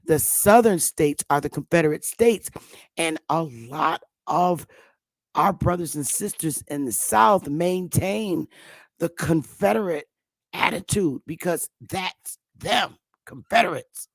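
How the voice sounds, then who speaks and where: A woman from Connecticut hosts a casual talk and speaks slowly and deliberately, with a gravelly edge to her voice. Her manner is emphatic and outspoken. The sound is dry and close, with no room around it. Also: lowish voice, expressive, no room sound. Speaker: host. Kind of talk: casual conversation.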